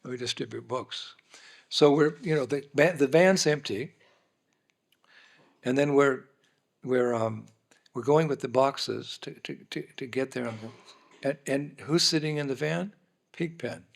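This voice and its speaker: Male guest speaker, gravelly voice, animated storyteller who acts out the dialogue. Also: medium pitch, a little slow, long pauses. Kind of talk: anecdotal storytelling talk. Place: dinner hall, indoors.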